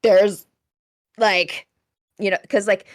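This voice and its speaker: A woman hosting a casual podcast interview, bubbly and quick with her interjections. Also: medium pitch, steady tone. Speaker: podcast host.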